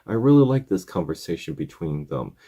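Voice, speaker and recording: Low mellow man rambling through a recap. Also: big pitch swings, fairly quick, breathy edge. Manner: rambling, acts out characters' lines. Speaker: episode recapper. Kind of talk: casual episode recap.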